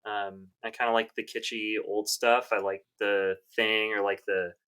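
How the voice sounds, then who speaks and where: A man's voice: lowish voice, little pitch movement, measured pace, sharp tone, smooth. A man in his thirties co-hosting a podcast, talking in a rambling, hesitant way with many fillers. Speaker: podcast co-host. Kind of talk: casual chat.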